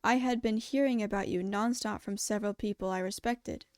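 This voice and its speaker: A woman reading aloud and voicing a calm, formal male animal school principal who speaks in measured, polite, precise sentences. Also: mid-range voice, clear, resonant tone, no room sound, studio quality, lightly acted.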